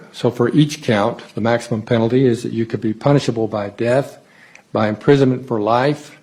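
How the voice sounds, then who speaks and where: A man presiding as judge reads out charges in a formal courtroom manner. His delivery is deliberate, with small hesitations, at an ordinary mid pitch. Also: a little mellow, breathy edge, rough recording.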